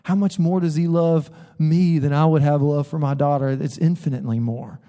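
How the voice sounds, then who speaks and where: A man's voice: on the high side, steady tone, moderate pace, dark tone. A middle-aged man, preaching a sermon in a church sanctuary and telling a story with laughs and bursts of emphasis. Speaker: pastor.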